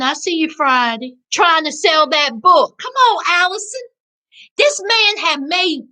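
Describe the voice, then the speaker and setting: A woman hosting a live-stream recap, chatting with her viewers in an animated, preachy way. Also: very high voice. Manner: animated, preachy, Southern slang, addresses chat as y'all. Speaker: reality TV recap host.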